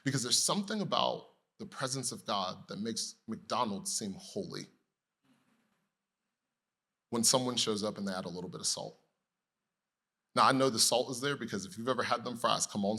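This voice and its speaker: Bright-voiced man preaching animatedly. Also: lowish voice, vocal fry, breathy edge. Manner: animated, conversational preaching with rhetorical questions; storytelling with humor. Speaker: pastor. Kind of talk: sermon.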